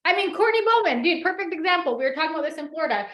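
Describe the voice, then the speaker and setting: A young woman with a high voice gives a fired-up motivational talk to her sales team. She speaks casually, leaning on "like" and "you guys". The room is echoey. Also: expressive, rapid-fire, pushed and bright. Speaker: network marketing team leader.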